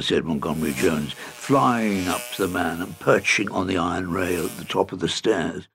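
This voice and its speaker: A man narrating a children's fantasy storybook in an expressive, animated way. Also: low voice, normal speed, creaky, few pauses, breathy edge.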